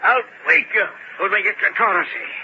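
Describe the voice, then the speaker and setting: An actor playing a sly, teasing Highland boatman who speaks in riddles in an old radio drama. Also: sing-song, brisk. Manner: riddling, gruffly playful. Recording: muffled old radio recording with hiss.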